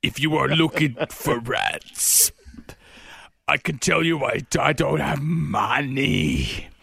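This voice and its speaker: A man doing a put-on American accent as a grim father threatening his daughter's kidnappers, speaking low, intense and halting. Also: gravelly, bright, forceful tone, breathy edge, dry recording, clean studio sound, exaggerated voice. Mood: menacing. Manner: low, intense, halting delivery under a speech jammer.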